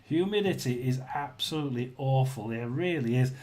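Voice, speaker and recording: A man from England hosting a casual live chat, rambling with restarts and clearing his throat often. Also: mid-range voice, animated, normal speed, darkish tone, slight background noise. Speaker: livestream host.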